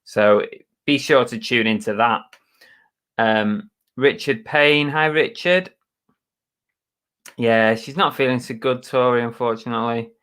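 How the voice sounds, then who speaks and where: Slow-talking man hosting a live chat. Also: mid-range voice, a bit bright, clean tone. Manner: chatty and self-mocking, with mild muttered curses. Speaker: live stream host. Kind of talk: casual live chat, greeting viewers.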